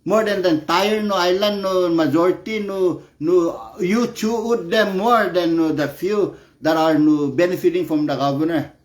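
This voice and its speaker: A man's voice: sits high, normal speed, hardly any pauses. A man delivering a heated, profane political rant, peppering his speech with "no" as a filler. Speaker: political commentator. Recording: echoey room.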